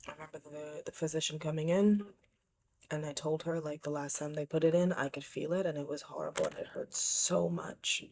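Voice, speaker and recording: A woman's voice: low voice, animated, fairly quick, warm tone, slight background noise. A woman vlogger telling a personal story to camera in a candid, reflective way, often dropping to a near whisper.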